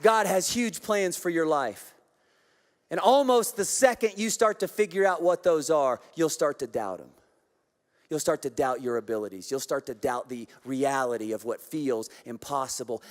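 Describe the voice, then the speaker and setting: A man's voice: mid-range voice, moderate pace. A man preaching a sermon as pastor, passionate, leading the congregation in call-and-response. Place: large church auditorium. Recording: long hall reverb from a church auditorium. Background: congregation in the room.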